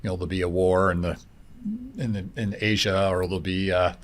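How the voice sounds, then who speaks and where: A man with a low-pitched voice talking in a casual panel discussion. He speaks with animated emphasis and leans on analogies to make his point. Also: brisk.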